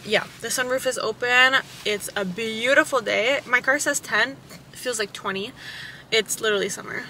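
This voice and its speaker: A woman's voice: a little high, background noise. A young woman from Canada, chatting casually to camera in a rambling, giggly way with lots of fillers. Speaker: vlogger. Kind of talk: casual vlog chat to camera. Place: car, parked.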